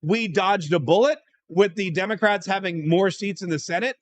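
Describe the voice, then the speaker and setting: Middle-aged male talk host, fairly high voice, lively storyteller who acts out the dialogue. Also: moderate pace. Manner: animated storytelling, acts out quoted exchanges. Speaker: radio host and congressional candidate. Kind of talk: live conservative talk show monologue. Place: event studio.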